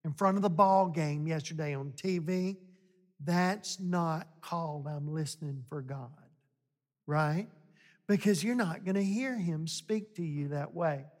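A man preaching a sermon, talking to the congregation in a conversational way and building to emphatic points. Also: high-pitched. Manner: slow, conversational, rising to emphatic exhortation. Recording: long hall reverb.

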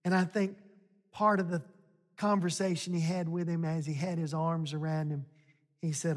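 A man's voice: a little high, little pitch movement. A man preaching a sermon, talking to the congregation in a conversational way and building to emphatic points. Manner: slow, conversational, rising to emphatic exhortation. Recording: long hall reverb.

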